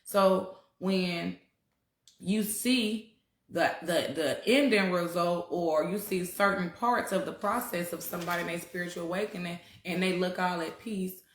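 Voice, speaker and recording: A woman talks casually and bluntly to her livestream viewers, swearing freely. Her voice sits on the low side. The room around her is roomy and echoey. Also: unhurried. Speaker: spiritual talk host.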